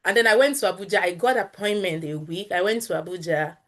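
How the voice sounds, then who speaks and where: A woman's voice: fairly low pitch, fast, a bit bright. A woman in her thirties from Nigeria with a Nigerian accent, a guest telling a personal story candidly and earnestly, with Pidgin phrases mixed in. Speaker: interview guest.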